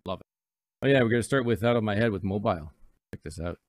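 A man's voice: fairly low pitch, fast talker, very noisy. A man hosting a live radio show from a studio, talking casually and rambling through reflective stories with playful mock voices. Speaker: radio host.

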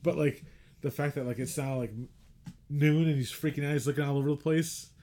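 A man with a somewhat higher voice co-hosts a casual movie podcast. He rambles through scenes, piling on fillers and jumping back and forth. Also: brisk, noisy background. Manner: rambling, filler-heavy retelling with animated acted-out quotes. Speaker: podcast co-host.

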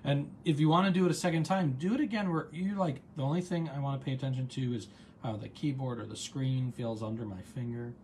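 Speaking fast in a medium, slightly mellow voice, a man hosts a casual live online gratitude practice as its coach. He's talkative and supportive, reads viewer comments aloud, and strays into anecdotes. There's slight background noise.

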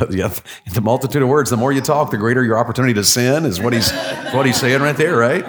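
A man's voice: mid-range voice, brisk, a crowd in the background. A man leading a church class, folksy and encouraging, asking the room for verses. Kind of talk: interactive sermon.

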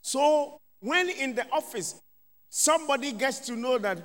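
A man preaches as a bishop, his voice sitting high for a man and moving at an unhurried pace. He drives his points home with emphatic cries of hallelujah and amen. The sound rings with the long reverb of a large hall. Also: animated, a bit bright. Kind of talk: sermon.

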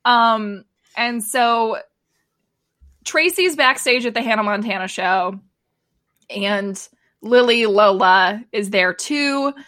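A woman's voice: a little high, slow pace, pauses often, fairly bright tone, no room sound. A woman co-hosting a casual podcast, recapping a TV episode in a chatty way, with lots of fillers and laughter. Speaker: podcast co-host.

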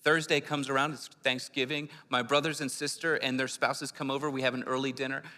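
A man's voice: mid-range voice, little pitch movement, brisk, sharp tone. A man from Philadelphia preaching a sermon, telling his own testimony in an earnest, conversational way. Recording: long hall reverb.

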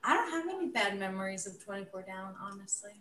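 A woman co-hosting a casual chat in a lively, chatty way. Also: medium pitch, fast talker, far from the mic, a crowd in the background. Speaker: podcast co-host. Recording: echoey room.

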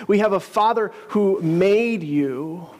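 A man's voice: high voice, slow pace, darkish tone, in a large hall. A man preaching a sermon, telling a story in a conversational, earnest way with casual asides.

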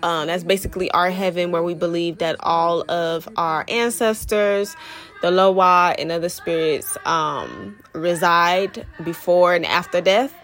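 A young woman, a Vodou practitioner and spiritual mentor, chats loosely with her followers in a casual vlog, full of slang and fillers and a little out of breath. Her voice is on the low side and fairly bright, at a measured pace, with faint music in the background.

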